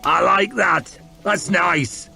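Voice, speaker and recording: A man voicing an old grey-bearded Northman leader, slow and rumbling. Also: creaky, pushed and bright, soft background music, heavily acted. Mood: amused.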